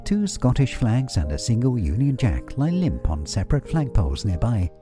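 Male audio describer, measured scripted delivery, sweeping lively intonation, music behind. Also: medium pitch.

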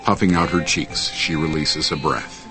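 Very deep-voiced male describer. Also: over loud music. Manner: even, measured narration. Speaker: audio describer. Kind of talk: scripted audio description.

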